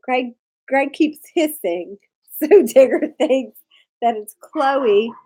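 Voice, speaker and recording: A woman's voice: high-pitched, slow, warm tone, slightly rough. A woman vlogger at home, cooing at her pets in baby talk and laughing often. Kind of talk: casual home vlog.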